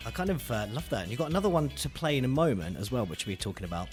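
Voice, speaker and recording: A man's voice: medium pitch, expressive, very fast, soft background music. A man with a Southern English accent hosting a live radio interview, chatty and laughing often. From southern England. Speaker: radio DJ host.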